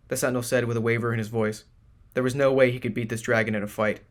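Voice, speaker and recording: A man reading scripted audiobook narration in a measured, even way. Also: mid-range voice.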